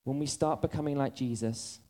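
A male preacher delivering a sermon with a middle-pitched voice. He tells self-mocking stories with lively energy, then softens into quiet, earnest appeals. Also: a little fast. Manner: animated storytelling, drifting into soft earnest appeals.

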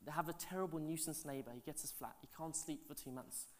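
A man, a pastor telling stories in a sermon, animated and chatty with asides to the congregation, his voice swinging from loud to hushed. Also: fairly high pitch, quick pace. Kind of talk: sermon storytelling.

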